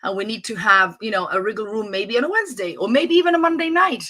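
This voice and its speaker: Upbeat woman fitness coach, bright and forceful voice, chatty live-stream pep talk. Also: medium pitch, fast talker. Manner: energetic and motivational, with frequent restarts.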